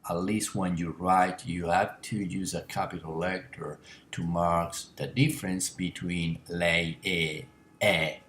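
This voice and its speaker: A man teaching an elementary language lesson on a screencast, explaining patiently and slowly with frequent uh and um. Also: sits low, a bit bright, reverberant, slight background noise. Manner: slow, patient explaining with many uh and um.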